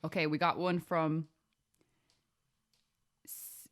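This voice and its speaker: A woman's voice: low-pitched, measured pace, long pauses, a bit bright. Woman reading comments aloud, casual. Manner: reads out comments, laughs easily. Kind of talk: casual chat.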